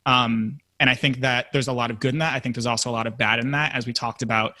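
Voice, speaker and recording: A man is a guest on a casual podcast, reflecting thoughtfully with plenty of fillers. His voice is bright and forceful at a middle pitch, recorded dry and close. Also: fairly even intonation, fast talker, no echo. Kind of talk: casual conversational chat.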